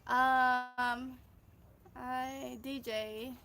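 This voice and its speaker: A woman's voice: high voice, little pitch movement, very slow, creaky, bright, forceful tone. A woman in her thirties with a Mississippi Southern accent, chatting casually on a gardening livestream and reading viewer comments aloud, effusive and calling her viewers y'all. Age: 30s.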